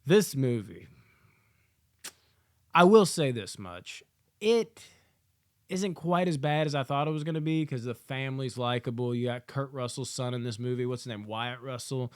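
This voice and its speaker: A man giving a casual movie review, swearing often and acting out characters in loud, yelling asides. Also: mid-range voice, moderate pace, clear, resonant tone.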